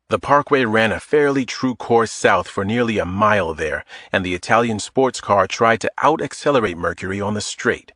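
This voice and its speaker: Low-voiced male thriller narrator. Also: a bit bright, no room sound. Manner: measured, dramatic storytelling. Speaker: audiobook narrator. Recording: dry close studio sound.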